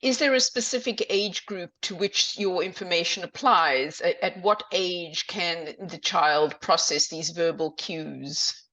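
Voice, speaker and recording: A woman hosting who reads an audience question to her guest in hesitant, halting phrasing. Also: on the low side, bright, forceful tone. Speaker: host reading audience questions. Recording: dull lo-fi audio.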